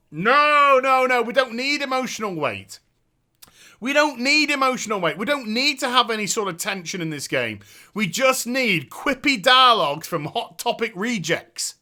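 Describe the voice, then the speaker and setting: Exasperated male game reviewer, high voice, very bright and cutting, sarcastic and foul-mouthed.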